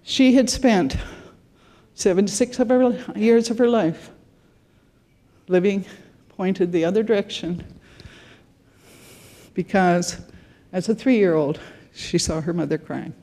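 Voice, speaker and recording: Brief: woman conference speaker, mid-pitched voice, earnest storyteller. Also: slow, long pauses, dark tone. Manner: earnest storytelling in short phrases. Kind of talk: conference talk telling client stories.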